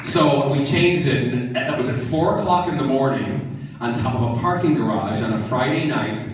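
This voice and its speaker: A man answering fans' questions at a convention panel, joking and animated. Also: medium pitch, moderate pace, distant mic, slight background noise. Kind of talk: casual Q&A with fans. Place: large convention hall. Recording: echoey hall, mic from afar.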